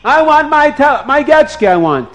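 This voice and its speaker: A greedy old schemer in a storybook, as a man puts him on, screaming in a high, frantic voice and tripping over his own words. He sounds loud and grasping. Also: little pitch movement, normal speed.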